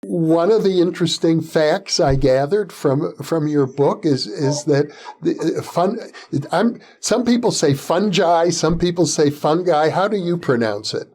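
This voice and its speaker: A male interview host with a fairly high voice talks slowly. He hesitates often, filling pauses with "uh" as he searches for his words. His questions wander before reaching the point. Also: expressive, a little mellow. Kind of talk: interview conversation.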